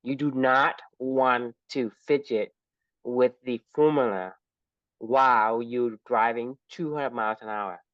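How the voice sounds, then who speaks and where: Male co-host, reflective, quick to laugh; dull lo-fi, dry recording. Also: mid-range voice, fairly even intonation, fairly bright tone, dry recording. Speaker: podcast co-host. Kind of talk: casual book discussion.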